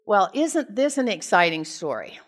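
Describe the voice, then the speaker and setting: A woman's voice: medium pitch, big pitch swings, normal speed. A woman preacher from the United States reads a Bible passage aloud, retelling parts of it in casual storytelling asides, then preaches on it and puts questions to the congregation. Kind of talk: scripture reading and sermon.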